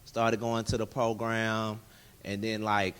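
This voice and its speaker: Animated man sharing his testimony. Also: fairly low pitch, slow, clean tone. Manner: animated storyteller who acts out dialogue in other voices. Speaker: interview guest. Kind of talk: candid personal testimony in a casual interview.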